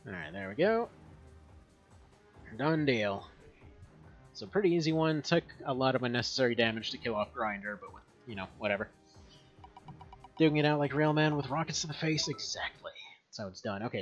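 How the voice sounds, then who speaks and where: A man's voice: mid-range voice, expressive, brisk, pauses often, a bit bright, lo-fi sound, soft background music. A man in his thirties giving rambling, casual gameplay commentary from home, chatting and laughing often. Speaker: gaming streamer.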